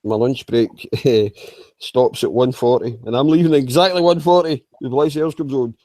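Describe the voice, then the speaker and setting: A man's voice: mid-range voice, moderate pace, warm tone, dry recording. A man chatting casually in an online voice room, swearing freely, laughing a lot and rambling with restarts. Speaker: chat room regular. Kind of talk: casual online group chat.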